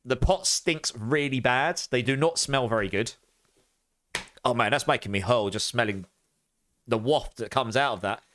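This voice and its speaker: Male game streamer, loose live chat to viewers, animated reactions, mid pitch. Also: moderate pace. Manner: chatty, animated, groaning and gagging reactions.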